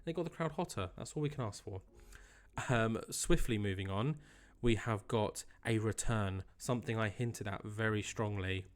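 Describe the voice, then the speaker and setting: A man's voice: fairly low pitch, moderate pace. A young man casually commentating his own game playthrough in a chatty, upbeat way with joking asides. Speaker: gaming channel host. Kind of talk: casual let's-play commentary.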